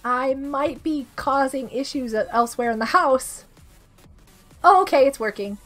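A woman with a very high voice chats through a live game stream, bubbly and quick to giggle. She is sick and a little coughy, and faint background music plays under her. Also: a bit bright. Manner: bubbly, giggly, reads chat aloud. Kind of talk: casual live-stream chat.

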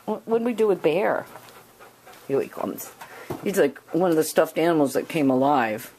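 A woman's voice: deep voice, lively intonation, normal speed, slight background noise. A woman talking to her dogs at home, alternately scolding and praising them in pet talk. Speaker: dog owner. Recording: loud dogs barking behind. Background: dogs barking.

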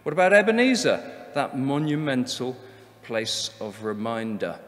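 A man giving a Bible seminar talk in a convention hall, speaking emphatically with rhetorical questions and deliberate repetition. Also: medium pitch, sing-song, fairly bright tone.

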